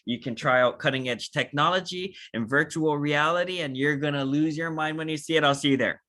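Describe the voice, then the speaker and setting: A man giving an energetic, animated training talk on a video call, acting out short dialogues with big jumps in pitch. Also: a little fast. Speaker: network marketing trainer.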